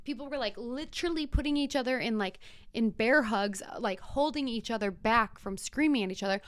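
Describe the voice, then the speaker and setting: A young woman hosting a podcast, retelling a story in a casual, animated way with whispered asides. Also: fairly high pitch, brisk, dry recording. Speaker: podcast host.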